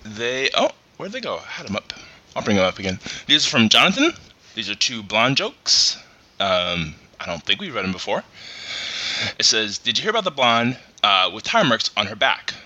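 A man's voice: fairly low pitch, sing-song, moderate pace, sharp tone, no room sound. A man co-hosting a comedy podcast, teasing and laughing as he reads out jokes. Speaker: podcast co-host.

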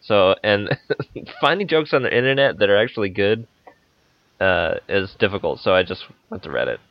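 A man's voice: fairly low pitch, lively intonation, normal speed, dry recording. A man co-hosting a casual podcast, hesitant and dry, with many ums while he gets to his jokes. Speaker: podcast co-host. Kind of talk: casual chat. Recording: dull lo-fi mic.

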